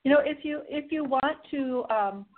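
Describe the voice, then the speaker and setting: High-voiced woman on a phone line. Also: moderate pace. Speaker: guest knitting instructor. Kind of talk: casual chat.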